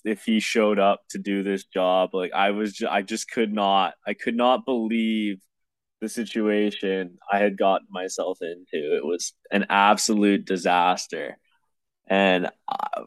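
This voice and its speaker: Young guy, lowish voice, ranting and cursing, dry close mic. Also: no echo. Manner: exasperated, swears a lot, rambling with restarts. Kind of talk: casual storytelling chat.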